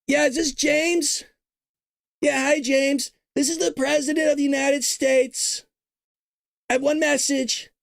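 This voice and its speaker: Guy putting on a brash president voice, high and punchy, curt and mocking. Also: little pitch movement, a little slow, vocal fry, exaggerated voice. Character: brash blunt male president on the phone.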